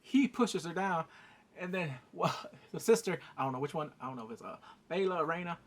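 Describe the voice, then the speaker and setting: A man's voice: a little high, fairly quick, a little hiss or hum. A man giving a casual, profane recap of an episode, laughing and acting out the scenes with sound effects. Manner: excitable, profane, laughs while retelling. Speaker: TV show reviewer.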